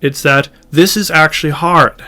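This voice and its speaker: A man teaching church chant in a relaxed lesson, explaining syllable emphasis and singing short examples. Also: on the high side. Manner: thoughtful, slow, demonstrating chant phrases by singing. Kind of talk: informal music lesson with sung examples.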